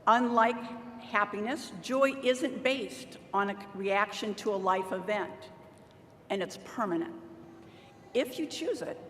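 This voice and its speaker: A middle-aged woman, a university staff member, giving a motivational commencement address from a podium microphone and drawing cheers from the audience. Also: mid-range voice. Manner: deliberate, motivational, rallies the crowd for call-and-response cheers. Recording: roomy hall with long reverb, faint noise.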